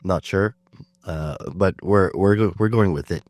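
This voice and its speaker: A sick man with a very low voice hosts a laid-back podcast chat, rambling comfortably with ums and uhs. The sound is close and dry with no room echo. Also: measured pace. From Canada. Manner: relaxed, chatty, self-deprecating with fillers. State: sick, under the weather. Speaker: podcast host. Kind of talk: casual chat.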